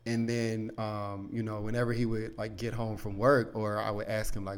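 A man's voice: on the low side, flat delivery, normal speed, clean tone. A man hosting a podcast, telling a personal story in a candid, rambling way full of "like" and "you know", with casual swearing. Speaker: podcast host.

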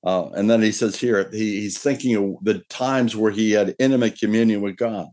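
Low-voiced man preaching a sermon. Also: steady tone, a little mellow. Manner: earnest preaching, slows and lifts his voice when reading scripture. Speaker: pastor.

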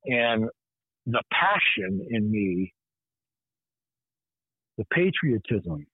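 A podcast host telling a personal story in an earnest, intense way. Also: male voice, fairly low pitch, very animated, extremely slow, husky, dry recording. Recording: tinny phone-like line, dry.

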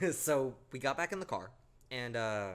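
His voice is mid-range and his pace measured as he hosts the podcast. The young man tells a spooky story that happened to him, casual and lively, with lots of swearing.

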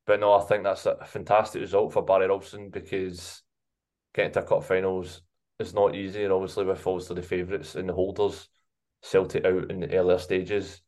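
A man co-hosting a football podcast, giving measured analysis. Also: low-pitched, a little mellow. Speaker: podcast co-host.

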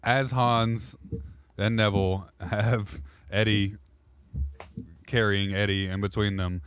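A man's voice: lowish voice, fairly even intonation, slow, clear, resonant tone, dry recording. A man narrating a role-play podcast as game master, loose and rambling, correcting himself as he goes.

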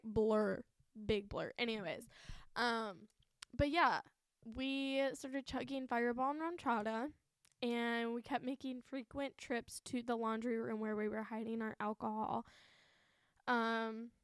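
A woman's voice: a little high, clean tone, no echo, studio quality. A woman in her twenties hosting a podcast, telling a story in a chatty, profane way and laughing often. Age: 20s. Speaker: podcast host. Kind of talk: casual storytelling.

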